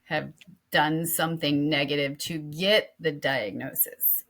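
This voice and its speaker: A woman's voice: deep voice, fairly even intonation, a little slow, fairly bright tone. A middle-aged woman co-hosting a podcast in casual chat, talking in a rambling way and often restarting mid-sentence. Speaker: podcast co-host.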